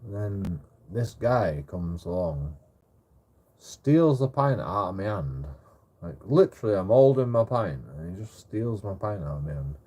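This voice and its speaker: A man's voice: low-pitched, big pitch swings, unhurried, warm tone, breathy edge. A man telling a rambling story in casual chat, stammering over repeated words and swearing a lot. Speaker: streamer. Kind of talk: casual anecdote.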